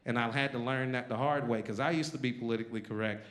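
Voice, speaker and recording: A man's voice: mid-range voice, steady tone, fast talker, a bit bright. A male stand-up comedian performing a live set with a brash, punchy, conversational delivery. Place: live comedy venue with an audience.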